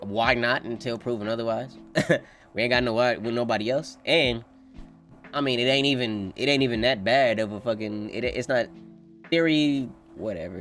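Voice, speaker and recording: A man's voice: lowish voice, a bit bright. A man streaming a live reaction, chatting loosely with swearing, reading chat aloud and laughing often. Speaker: streamer reacting to a manga chapter.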